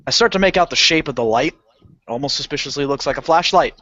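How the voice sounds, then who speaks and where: On a casual podcast, a man with a mid-range voice tells a story fast, with no room sound. He laughs a lot, swears and animatedly acts out the characters' voices, and the recording is lo-fi and dull.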